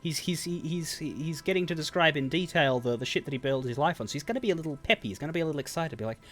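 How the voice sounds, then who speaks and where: A man's voice: a little high, animated, rapid-fire, fairly bright tone, slight background noise. A man live-streaming a game, commenting casually in a rambling, self-interrupting way.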